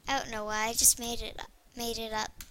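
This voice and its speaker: A young female gaming video creator chatting excitably to herself while she plays. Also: a little high, brisk. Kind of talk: casual gameplay commentary.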